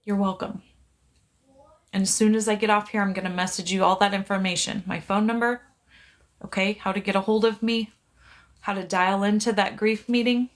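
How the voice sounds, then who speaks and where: Holding her phone on a live stream, a middle-aged woman who works as a psychic medium comforts a viewer in a one-sided exchange, her tone gentle and pleading. She keeps a medium pitch and level tone, moving at a moderate pace with long pauses.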